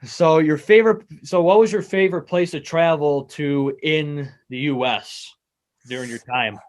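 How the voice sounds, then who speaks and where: A man's voice: a little high, steady tone, normal speed. A man with an American accent hosting a sports talk show, putting questions to his guest in a friendly, eager way. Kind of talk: casual interview.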